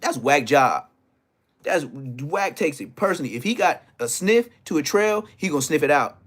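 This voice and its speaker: A man telling a story in an animated way, full of profane street slang. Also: a little high, normal speed. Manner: profane slang, acts out others' lines.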